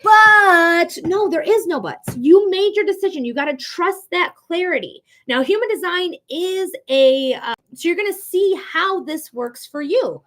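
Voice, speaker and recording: A woman hosting a live psychic reading stream, giving chatty, emphatic advice with quick asides. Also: very high voice, animated. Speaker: psychic reader and livestream host.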